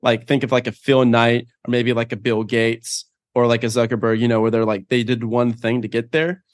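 A male guest on a podcast, speaking at a middle pitch in a loose, casual way. He rambles and fills his talk with small filler words while he works out his points. The sound is close and dry. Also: level tone, moderate pace, no room sound. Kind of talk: podcast interview.

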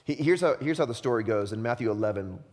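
A male pastor preaching a sermon, impassioned and tearful, swinging from hushed words to loud bursts. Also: medium pitch, lively intonation, quick pace. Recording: long hall reverb.

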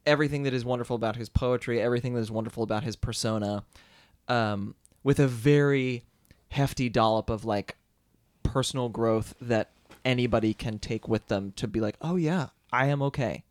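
A man chats on a podcast about books he loves, enthusiastic and a little rambling. His voice sits at a middle pitch, recorded close and dry with no room sound. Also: fairly even intonation, brisk, no echo. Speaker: podcast co-host. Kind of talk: casual chat, book recommendation.

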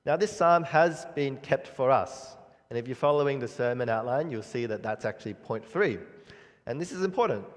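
A man delivers a sermon in an earnest, measured voice, stopping now and then to restart a phrase. His voice has a mid-range pitch. It carries a long reverb tail, as if spoken in a church hall. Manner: earnest, measured preaching with frequent pauses and restarts. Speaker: preacher.

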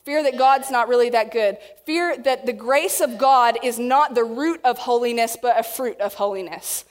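A woman preaching a sermon to a congregation, animated and acting out quotes in different voices. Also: a little high, normal speed. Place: church hall with audience. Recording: long reverb of a hall.

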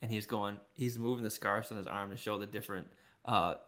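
A man's voice: fairly low pitch, fairly even intonation, fairly quick, bright, forceful tone. A man co-hosting a podcast, casually telling a funny story and chuckling along. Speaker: podcast co-host. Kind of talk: casual chat.

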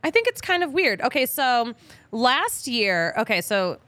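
A woman's voice: a little high, very animated, unhurried, sharp tone, no room sound. A woman from Philadelphia hosting a sports podcast, chatting casually and joking, with the odd swear word. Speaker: podcast host. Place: podcast studio.

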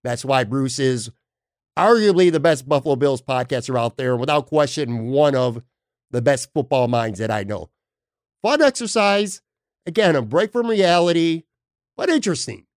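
A man's voice: medium pitch, expressive, moderate pace, no room sound, clean studio sound. A man hosting a sports podcast, talking in a blunt, emphatic, casual way with the odd swear word. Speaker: podcast host.

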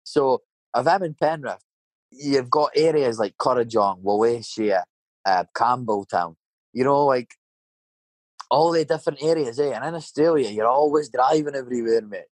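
A man's voice: medium pitch, normal speed, no echo. Middle-aged Scottish man, Scottish accent, rambling and sweary chat storyteller, dry close sound. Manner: swearing, rambling anecdotes with tag questions.

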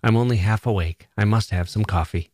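A man's voice: on the low side, brisk, darkish tone, no echo, natural voice. A man reading as a wry, rueful young newspaperwoman. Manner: dry, rueful, understated. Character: wry young newspaper woman, feeling ill.

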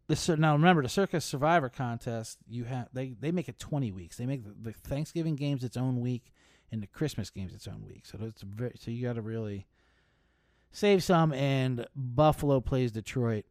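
A male host tells wry travel gripes in a loose, foul-mouthed comic rant, his voice swinging up and down with lively expression. His pitch sits in a middle range. The sound is dry and close, with no room around it. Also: no room sound. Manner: profane, animated storytelling with laughs. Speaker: podcast host. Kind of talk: casual comedic rant. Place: touring, recorded while traveling.

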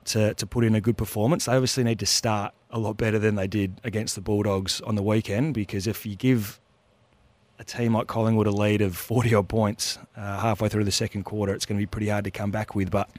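A man's voice: on the low side, little pitch movement, a little fast, a little mellow, dry recording. A man, a former footballer co-hosting radio, laid-back and self-deprecating as he chats about the game. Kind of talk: casual radio banter and sports analysis. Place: radio studio.

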